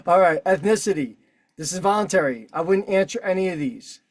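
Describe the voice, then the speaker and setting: A man with a high voice hosts an online meeting over a video call, talking his way through a form as he fills it in. He is casual, profane and combative, and the recording is dry.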